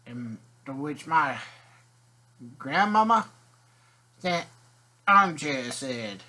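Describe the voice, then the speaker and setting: Man, folksy rambling storyteller, slow delivery, bright tone. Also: fairly high pitch, expressive. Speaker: video host.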